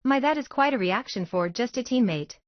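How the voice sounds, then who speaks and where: A woman voicing a gently teasing, knowing mother of a teenage daughter, in a fan-fiction story reading. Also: fairly high pitch, animated, fairly quick, no echo, highs cut off, pitched above the performer's own voice, close to an everyday voice.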